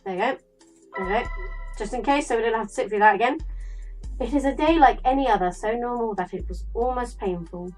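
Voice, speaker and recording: A young woman playing a visual novel, reading its text aloud and breaking off into chatty, animated stories. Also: fairly high pitch, a little fast, soft background music, low-quality recording. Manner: chatty, dramatic, animated storyteller. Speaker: gaming YouTuber.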